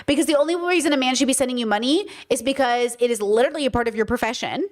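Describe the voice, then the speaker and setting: A woman's voice: high-pitched, very fast. A woman streamer giving opinionated casual commentary, joking around with many "like" and "okay" asides.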